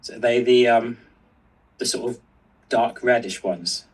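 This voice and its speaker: A man's voice: medium pitch, steady tone, slow pace, recorded from a distance, poor audio. A man co-hosting a stream, reading out viewer comments in casual chat, hesitant and full of fillers.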